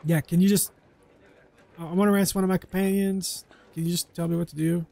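High-voiced man chatting through a game. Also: little pitch movement, fast, vocal fry, dark tone. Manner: playful, chatty, dips into mock role-play. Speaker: gameplay commentator. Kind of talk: casual gameplay commentary.

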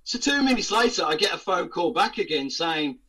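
Speaking a little fast in a high voice, a male actor shares anecdotes as a podcast guest in a relaxed, story-driven interview. He is lively, laughs frequently and does impressions of people in his stories. The recording is of low quality.

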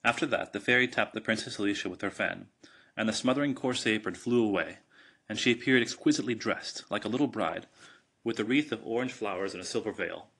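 A man narrating a storybook aloud at a measured, steady pace. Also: fairly low pitch, slightly rough. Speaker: audiobook narrator. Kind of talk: storybook reading.

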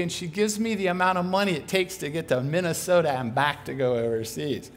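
A man preaching a sermon as an animated, humorous storyteller. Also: high voice, fairly quick, few pauses.

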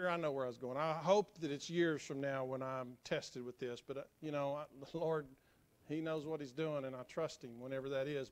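A middle-aged man preaching a sermon as pastor, mixing joking asides with quiet, earnest storytelling. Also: fairly high pitch. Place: church sanctuary.

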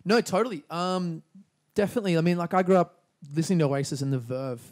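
A young man with an Australian accent, a musician guest talking in a relaxed, rambling way with lots of fillers. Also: a little high, quick pace. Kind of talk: casual interview chat.

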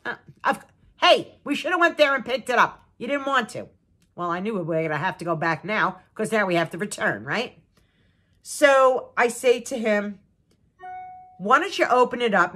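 A woman's voice: medium pitch, a bit bright. A woman in her sixties telling a long story to her viewers in a chatty, exasperated way, with laughing asides. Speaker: vlogger. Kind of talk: casual storytelling to camera.

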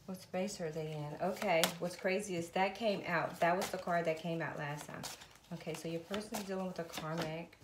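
A woman with a lowish voice does a tarot reading on video, talking straight to her viewers and calling on spirit. She swears freely as she goes. The sound is echoey and has loud noise behind it. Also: steady tone, moderate pace. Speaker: tarot reader. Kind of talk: casual tarot reading with prayers. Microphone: phone.

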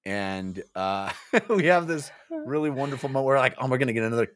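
A man's voice: mid-range voice, expressive, fairly quick, dry recording, clean studio sound. A man co-hosting a casual book club chat, recapping chapters and acting out characters' lines in playful voices. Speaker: podcast co-host.

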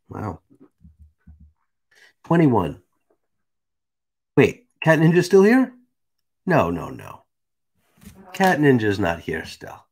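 A man's voice: mid-range voice, huge pitch swings, extremely slow, long pauses, husky. A man hosting a live stream, reading a text aloud and chatting casually with viewers. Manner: casual, chatty, asides to the chat.

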